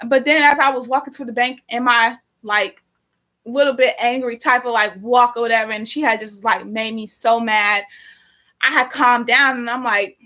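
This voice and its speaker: A young woman rambles through a casual story on a live stream, full of fillers, energy, and profanity. She speaks at a normal speed with a voice on the high side.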